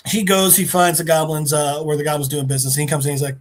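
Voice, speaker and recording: A man on a podcast, recapping a plot in a casual, animated way and briefly acting out the characters' lines. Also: on the high side, fast, hardly any pauses. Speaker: podcast co-host.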